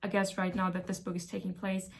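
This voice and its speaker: Woman vlogger rambling thru a mystery plot, jokey and self-mocking, average pitch. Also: completely flat delivery, fast talker, gravelly. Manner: playful, self-mocking and chatty. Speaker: book vlogger. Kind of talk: casual chat summarizing a mystery novel.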